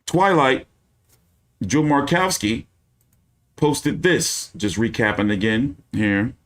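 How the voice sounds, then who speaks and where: A man's voice: mid-range voice, slow pace, fairly bright tone. A man hosting a casual boxing news live stream, with a loose, profane, ranting delivery full of fillers.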